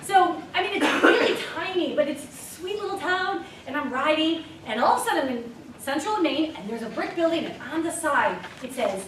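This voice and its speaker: A woman's voice: high voice, a little fast, hardly any pauses, background noise. A woman giving a motivational talk to an audience, telling stories with frequent laughter. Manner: animated storytelling with frequent laughs. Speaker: speaker. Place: event room with an audience. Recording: echoey room, voice from a distance.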